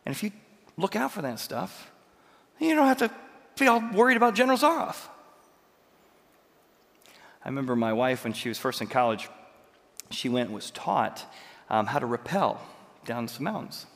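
A man preaching a sermon as pastor, telling stories with lively swings between loud and quiet. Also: mid-range voice, normal speed, vocal fry, long pauses, big-room sound. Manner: animated storytelling, jumps between loud and soft.

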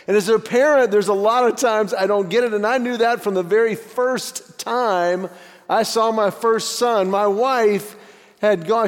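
A stand-up comedian in his forties spins family stories and jumps into character for the dialogue. His voice sits high for a man. It rings out into a big reverberant auditorium with a long decay. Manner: animated, acts out dialogue with voice shifts. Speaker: guest speaker, stand-up comedian. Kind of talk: stand-up storytelling. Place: church auditorium.

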